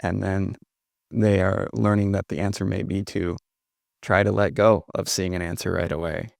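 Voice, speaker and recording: Man, podcast host, low voice, creaky gravel, dry room, hesitant and searching. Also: little pitch movement, moderate pace, darkish tone, no room sound. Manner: hesitant, searching, many fillers. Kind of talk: interview questions.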